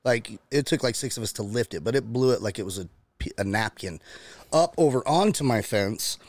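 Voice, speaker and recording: A man who grew up in Utah, chatting casually as a podcast guest and telling animated stories. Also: medium pitch, fairly quick, dry recording. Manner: storytelling, animated, laughs often.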